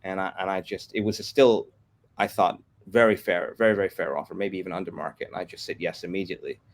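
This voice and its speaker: A man, a guest on an interview podcast, telling lively anecdotes and acting out the quotes. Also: sits low. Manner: fast, animated anecdotes with acted-out quotes. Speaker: guest, comics company executive. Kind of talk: casual interview storytelling.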